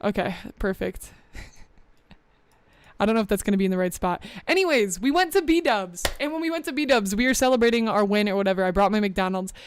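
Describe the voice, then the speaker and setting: A woman's voice: mid-range voice, animated, normal speed, a little hiss or hum. A young woman streaming casually, chatting with her viewers and reading the chat aloud. She is a bit scatterbrained, laughs often and sounds slightly out of breath. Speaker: VTuber streamer.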